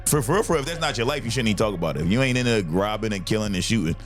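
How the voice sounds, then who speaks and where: Profane, animated male podcast host. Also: lowish voice, very fast, faint music behind. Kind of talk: casual chat.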